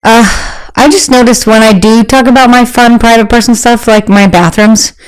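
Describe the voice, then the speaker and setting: A woman in her thirties, a guest talking candidly in an interview, animated and quick to jump into high voices when she quotes people. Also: smooth, rough recording.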